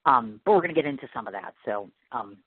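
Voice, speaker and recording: A woman's voice: extremely low pitch, animated, quick pace, husky. A woman from the Midwest hosting a radio interview show, bubbly and gushing in casual chat. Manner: bubbly, gushing, self-deprecating. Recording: tinny phone-line radio sound.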